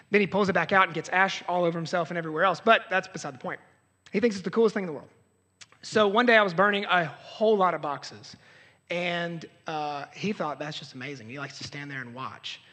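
A young adult man preaching a sermon as pastor, earnest, swinging from loud outbursts to hushed lows. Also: husky. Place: church sanctuary. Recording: hall reverb.

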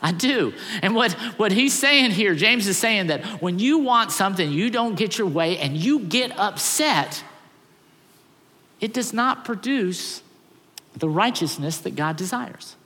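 A man's voice: high voice, expressive, measured pace, pushed and bright, big-room sound. A male pastor preaching a sermon, telling a story with acted quotes and self-deprecating humor. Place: church sanctuary.

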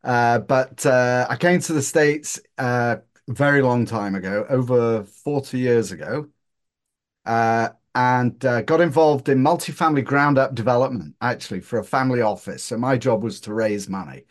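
A man's voice: mid-range voice, normal speed. Joking Northern English man, guest. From Northern England. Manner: joking, self-deprecating storyteller. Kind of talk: casual interview chat.

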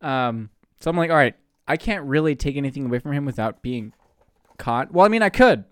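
A man's voice: mid-range voice, animated, fairly quick, clean tone, no room sound, clean studio sound. A young man from the Pacific Northwest, co-hosting a podcast, telling a story in a casual way, laughing often and swearing freely. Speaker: podcast co-host.

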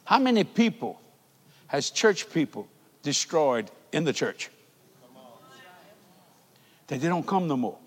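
A man preaching a televised sermon in a large church, fervent, with folksy grammar and shouting peaks. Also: on the high side, big pitch swings, takes it slowly, pauses often, husky, in a large hall.

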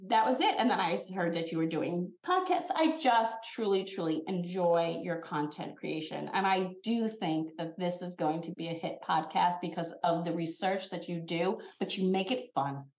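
A woman's voice: lowish voice, moderate pace, hardly any pauses, echoey room, poor audio. A woman who founded a skincare brand talks as a podcast guest in a casual chat. She tells stories with energy and acts out the quotes. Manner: animated storyteller, acts out quotes.

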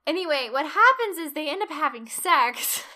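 A woman co-hosting a casual chat, retelling a film's plot in animated detail and acting out the characters' lines. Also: high voice, moderate pace. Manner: animated storyteller, acts out quotes, laughs often. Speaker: podcast co-host. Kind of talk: casual film recap chat.

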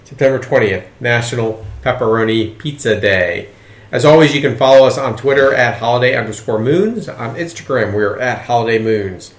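Steady podcast host in an echoey room. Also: male voice, mid-range voice, normal speed. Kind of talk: casual chat and reading out listings.

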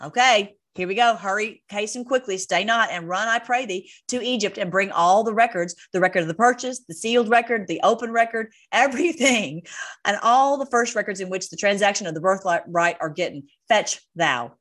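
A woman's voice: mid-range voice, normal speed, fairly bright tone. A woman teaching a Bible study, reading scripture aloud with frequent fillers and self-corrections, and breaking off into conversational, exasperated asides.

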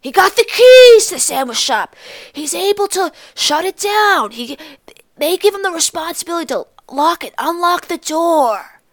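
A teenage girl mimicking a loud, bragging middle-aged aunt who gushes about her family. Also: very high voice, animated, normal speed, voice pushed up. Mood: gushing. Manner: boastful, gushing.

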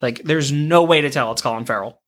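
A woman's voice: a bass voice, a little fast. A woman on a casual movie-review podcast, talking emphatically and swearing heavily.

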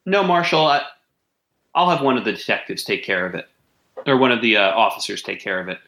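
A man's voice: fairly low pitch, animated, fairly quick, pushed and bright, roomy sound, low-quality recording. A man voicing a stern middle-aged police detective in a tabletop game, polite but firm.

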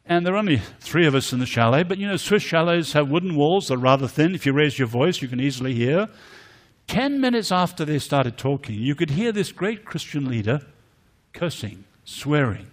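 An older man with a British accent giving an apologetics lecture, telling stories and rising to emphatic force on key words. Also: medium pitch. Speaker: conference speaker.

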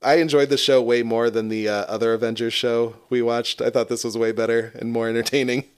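A man's voice: mid-range voice, little pitch movement, a little fast, smooth. A man co-hosting a casual podcast chat, laughing often and swearing freely. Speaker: podcast co-host.

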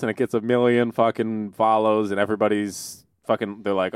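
A man's voice: on the low side, a little fast, hardly any pauses, darkish tone, clean tone, dry recording, clean studio sound. A man co-hosting a casual comedy podcast, ranting with lots of swearing and mocking impressions. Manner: ranting, profane, mocking voices. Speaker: podcast co-host.

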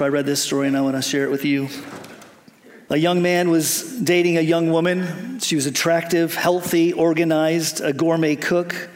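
A man's voice: on the high side, in a large hall. A male preacher telling a story in a sermon with a light, humorous delivery.

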